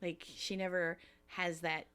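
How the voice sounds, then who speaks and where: A woman's voice: on the low side, little pitch movement, measured pace, a bit bright, clear, resonant tone. Woman, podcast co-host, casual chat, giggly, playful quote reading. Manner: giggly, reads show quotes with playful emphasis.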